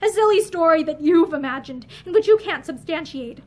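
A woman voicing a sad, weary man, speaking lower and softer in a storybook reading. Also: expressive, fairly quick. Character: weary, troubled man, gentle but strained.

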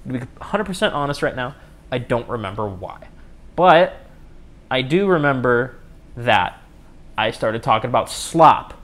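A young man hosts a solo podcast, rambling casually, joking at his own expense and frequently restarting sentences. His mid-range voice is expressive and measured, with long pauses and a fairly bright tone.

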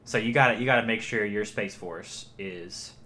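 A man's voice: lowish voice, normal speed, bright, forceful tone. A man co-hosting a podcast in casual comedic banter, riffing earnestly and thinking aloud. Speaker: podcast co-host.

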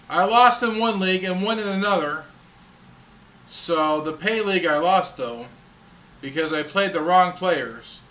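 A man's voice: high-pitched, bright, forceful tone, far from the mic. A man hosting his own casual video diary, telling jokes and laughing at them, recorded on a camcorder's built-in mic. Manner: sings a jingle, tells jokes and laughs at them. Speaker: vlog host.

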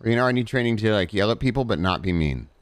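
A man's voice: on the low side, lively intonation, fast talker, no room sound. A man talking casually and jokingly as a police officer in a roleplay game.

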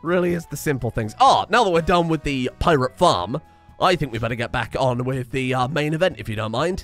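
A man's voice: medium pitch, lively intonation, fairly quick, a bit bright, faint music behind. A man from the West Country of England with a West Country accent, giving casual, joking let's-play commentary and swearing freely. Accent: West Country English. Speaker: game streamer.

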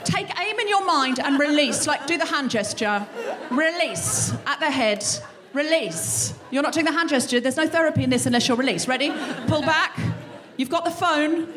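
A woman hosting a live comedy podcast, delivering a profane, animated stand-up monologue on stage. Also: sits high, moderate pace, a faint crowd. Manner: profane, animated, acts out scenes. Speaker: podcast host. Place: live show on stage before an audience.

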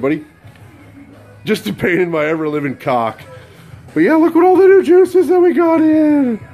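A man rambling through a casual vlog, swearing constantly and breaking into loud outbursts. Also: medium pitch. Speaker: vlogger at a vape shop. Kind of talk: casual profane vlog chat.

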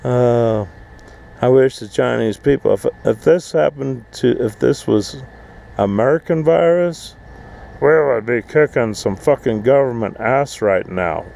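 Outdoors at an RV park, a full-time RVer vlogger delivers a profane rant to camera in a gravelly voice. He's angry, swearing and mocking other people's voices, at a medium pitch, measured pace and darkish tone. The recording is rough.

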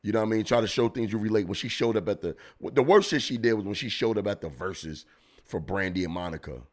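A man's voice: on the low side, fast. A man hosting a podcast, giving blunt, profane comedic commentary as he reacts to videos. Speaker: podcast host.

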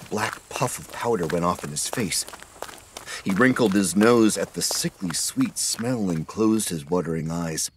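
A man narrating an audiobook horror story in a steady scripted reading. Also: low-pitched, a little hiss or hum.

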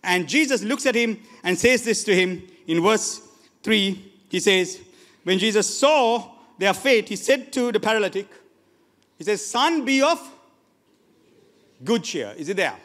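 A man preaching a sermon as pastor, animated, moving from loud exhortation to quiet asides. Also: sits high, moderate pace. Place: church hall. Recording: long church reverb.

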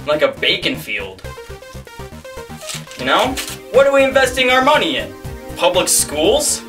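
A man rants goofily in mock-serious tones, often stumbling over his restarts. His voice is bright and sharp, with a lively, swinging pitch. He sounds distant from the mic, with faint music behind. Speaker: guest co-host. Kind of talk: absurd comedy rant.

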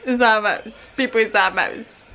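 A woman in her fifties unboxing gifts on her vlog, gushing and stammering with excitement, repeating her exclamations. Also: fairly high pitch, moderate pace, slight background noise, rough recording. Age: 50s. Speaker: vlogger.

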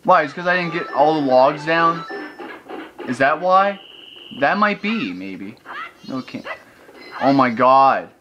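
A man's voice: on the high side, lively intonation, slow, pauses often, a bit bright, dull audio, slight background noise. A man giving gameplay commentary, ranting in frustration and swearing often. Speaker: let's play host. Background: video game music.

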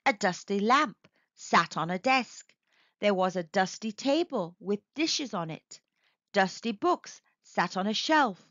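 A woman reading a children's storybook aloud in a slow, expressive, sing-song way. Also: medium pitch, no room sound, highs cut off.

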